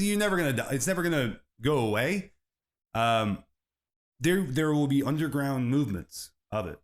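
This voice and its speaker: A man's voice: mid-range voice, expressive, normal speed. A man hosting a solo comedy podcast, rambling from bit to bit and laughing at his own jokes. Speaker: podcast host.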